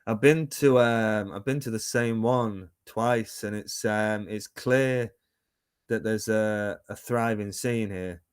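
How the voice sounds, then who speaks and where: Rambling man in his thirties, low voice. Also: takes it slowly, clear, resonant tone, dry recording, clean studio sound. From United Kingdom. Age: 30s. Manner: rambling, many fillers and restarts. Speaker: musician and painter guest. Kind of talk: casual interview.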